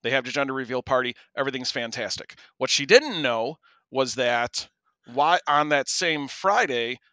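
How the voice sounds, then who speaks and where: A man's voice: mid-range voice, normal speed, dry recording. A man co-hosting a podcast, telling a story casually and animatedly, acting out the people he quotes. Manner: animated, acts out quoted voices. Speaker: podcast co-host.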